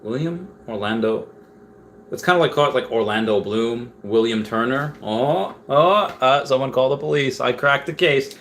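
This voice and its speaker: A young man chats loosely through a home livestream and reads viewer comments aloud as he goes. His voice sits at an ordinary pitch for a man. A faint hiss of background noise runs under the recording. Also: normal speed, fairly bright tone. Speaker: livestream host. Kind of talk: casual livestream chat.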